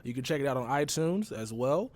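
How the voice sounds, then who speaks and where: A man's voice: mid-range voice, expressive, fairly quick. A man from Texas hosting a casual gaming podcast, talking loosely and rambling with easy laughs. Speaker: podcast host.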